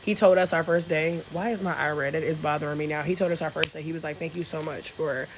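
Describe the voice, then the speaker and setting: A woman's voice: sits low, fairly even intonation, fast, background noise. A woman, chatting frankly on a phone livestream from a resort, reading comments, swearing and laughing freely. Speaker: travel vlogger on a livestream. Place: resort in Bali, outdoors.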